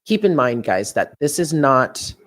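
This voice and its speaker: A man's voice: medium pitch, big pitch swings, unhurried. A man doing a live tarot reading, talking in a musing, chatty way and often laughing to himself. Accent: New York. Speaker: tarot reader.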